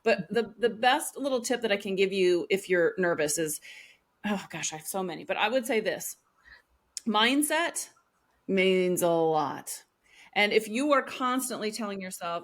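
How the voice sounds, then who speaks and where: A woman guest coach in a podcast interview, talking lively and acting out little voices of the inner self-talk she describes. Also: fairly high pitch, normal speed. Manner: lively, animated, acts out quoted self-talk. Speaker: video and growth coach, guest. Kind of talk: casual interview chat.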